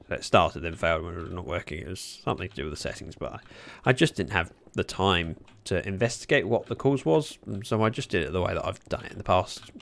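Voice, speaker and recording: A man chatting casually at his desk while livestreaming a game, speaking into a desk microphone, with sudden excited yelps. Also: low voice, creaky. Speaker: gaming livestreamer. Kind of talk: casual commentary while playing.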